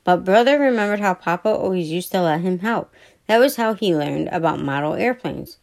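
A woman podcast host reads a children's story aloud in a soft, unhurried way. She trips over words now and then and simply corrects herself, her voice sitting in an ordinary middle range. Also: on the low side, animated. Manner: soft, stumbling, self-correcting reading.

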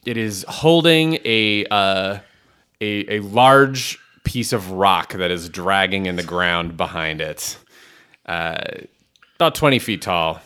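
A man narrating a tabletop game as dungeon master, halting often with ums and restarts. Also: low-pitched, animated, pushed and bright, smooth. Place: home room with friends around mics.

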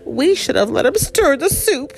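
A woman's voice: sing-song, moderate pace, vocal fry, slight background noise, exaggerated voice. A woman voicing a small, anxious male squirrel from a picture book, sniffling a little. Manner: sniffling, pitched a bit higher.

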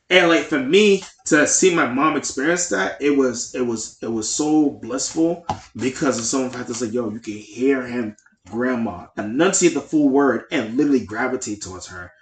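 A man's voice: medium pitch, animated, normal speed. A man co-hosting a podcast in casual chat, speaking in a heartfelt, rambling way with lots of fillers. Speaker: podcast co-host. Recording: echoey room.

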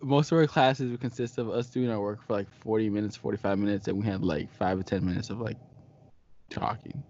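A man's voice: fairly low pitch, fairly even intonation, a little fast, darkish tone. A man co-hosting a casual podcast, telling stories with lots of giggles and "like" fillers. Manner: giggly, filler-heavy storytelling. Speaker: podcast co-host. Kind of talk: casual chat. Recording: dull lo-fi podcast audio.

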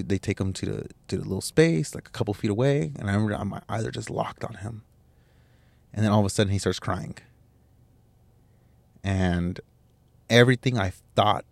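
A man's voice: low voice, gravelly, darkish tone, dry recording. A young man hosting a podcast, telling a personal story in a candid, emotional, rambling way with restarts and swearing. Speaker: podcast host.

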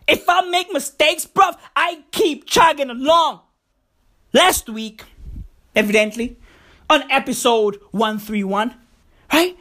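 A woman's voice: sits high, slow, long pauses, fairly bright tone. A woman hosting a podcast, riffing a freestyle comedic monologue, rambling and profane and calling the listener "bruv". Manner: rambling, profane, repeats slang address "bruv". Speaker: podcast host.

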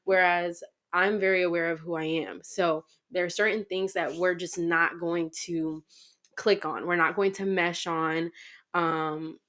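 A woman in her twenties, a podcast guest talking frankly in a casual chat, quick to laugh and full of "like". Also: on the low side, steady tone, a bit bright. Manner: chatty, frank, quick to laugh, heavy use of "like".

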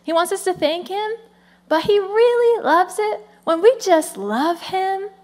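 A woman in her thirties, the lead pastor, giving a lively conversational sermon with frequent "come on" asides. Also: very high-pitched, measured pace.

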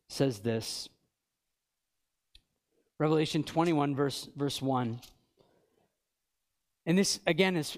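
A man in his thirties preaching a sermon as pastor, reading scripture with emphasis and swinging between fervent peaks and quiet lows. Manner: earnest, builds to fervent peaks then drops quiet; reads scripture aloud with emphasis.

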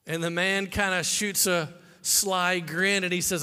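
A man's voice: fairly high pitch, steady tone, unhurried, few pauses, bright, forceful tone, clear, resonant tone. A man preaching a sermon, telling a story dramatically and acting out the people in it. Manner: dramatic storytelling, acts out voices. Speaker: pastor. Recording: long hall reverb.

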